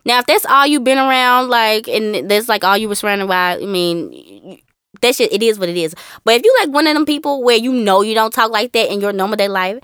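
A woman co-hosting a casual podcast, talking with animated ups and downs and mimicking other people. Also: on the high side, fairly quick, clean tone, no room sound, clean studio sound. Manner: animated, mimics voices with laughs. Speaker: podcast co-host.

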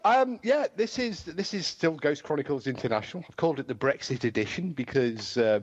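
An English man hosting a podcast in casual chat, joking and rambling with lots of self-interruptions. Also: medium pitch. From England. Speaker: podcast host. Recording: dull lo-fi audio.

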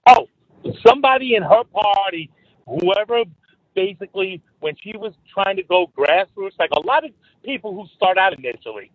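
Male radio caller, New York accent, high voice, rambling and animated, tinny phone line. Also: normal speed, no room sound. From Bronx and Long Island, New York. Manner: rambling, animated, self-interrupting. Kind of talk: phone-in chat.

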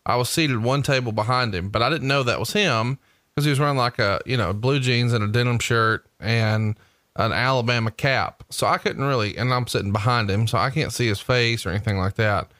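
A man's voice: medium pitch, fairly quick, dry recording, clean studio sound. Chatty man hosting a podcast. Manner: chatty, animated storytelling. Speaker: podcast host. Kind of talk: casual chat.

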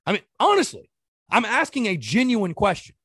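A man's voice: high voice, big pitch swings, normal speed, a bit bright, breathy edge, no room sound, studio quality. Exasperated man ranting about sports. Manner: exasperated, ranting with rhetorical questions. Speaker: sports podcast host. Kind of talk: casual sports commentary.

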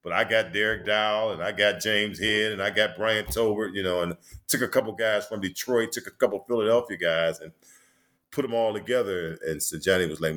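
A man in his sixties with a low, deep voice tells stories in a relaxed interview. He rambles from one memory to the next and leans on "you know" and quick restarts. His delivery is easygoing and conversational. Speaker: former basketball player and coach, guest. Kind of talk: casual storytelling interview.

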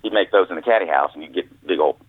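A man's voice: sits low, racing, slightly rough, dry recording. A man telling folksy stories as the author guest in an interview, heard over a phone line. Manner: folksy storyteller, acts out quoted voices. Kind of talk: storytelling interview. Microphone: phone call. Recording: tinny phone line, dry.

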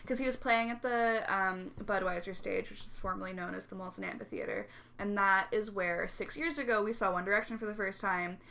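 Bright-voiced giggly young woman. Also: mid-range voice, brisk, vocal fry. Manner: chatty, giggly, heavy use of "like". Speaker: co-host. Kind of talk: casual chat between friends.

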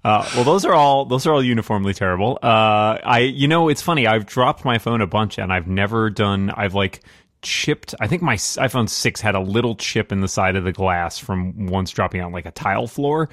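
Low-voiced male host, wry and dry-sounding, moderating the chat. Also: expressive, moderate pace, fairly bright tone, no room sound. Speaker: podcast host. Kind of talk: casual chat. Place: his office.

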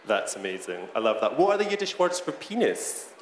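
A man's voice: medium pitch, very animated, a little fast. A Scottish man from Britain interviewing an author onstage, playful and prone to restarts. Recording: roomy echo, long hall reverb.

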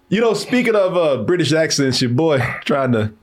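A man co-hosting a livestream in casual chat, animated and quick to laugh. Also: on the high side. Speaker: stream co-host.

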